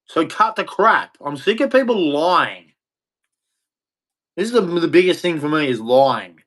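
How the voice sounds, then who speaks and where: A man's voice: a little high, very animated, measured pace, fairly bright tone. A middle-aged man, hosting and ranting bluntly, mocking others and acting out their voices. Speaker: host. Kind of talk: opinionated rant.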